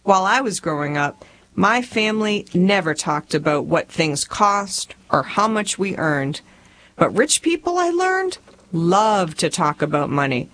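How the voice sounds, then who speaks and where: Southern woman, 40s, memoir audiobook narrator, humorous down-home storyteller. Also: unhurried. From rural Tennessee. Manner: folksy, humorous storytelling with lively pitch.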